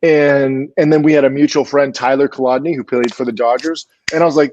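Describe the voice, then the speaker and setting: A man, a filmmaker appearing as a guest, telling an animated, chatty story with lots of restarts. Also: fairly high pitch, a little fast, hardly any pauses, muffled recording. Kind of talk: storytelling in an interview.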